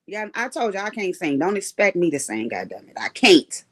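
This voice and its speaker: A woman hosting a livestream, telling stories in an animated way, laughing often and swearing freely. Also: on the low side, a little fast, few pauses. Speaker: livestream host. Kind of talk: casual storytelling chat.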